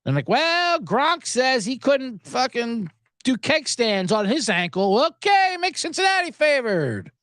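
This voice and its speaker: Animated, sarcastic podcast host man. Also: sits high, dry recording, studio quality. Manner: animated, sarcastic, swears a lot. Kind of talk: profane sports betting rant.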